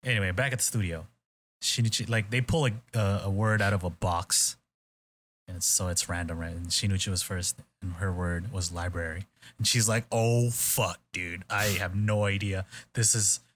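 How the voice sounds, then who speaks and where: Low-voiced man retelling a show loosely. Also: normal speed, fairly bright tone. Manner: rambling retelling with quoted voices and swearing. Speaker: podcast host. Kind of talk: casual chat.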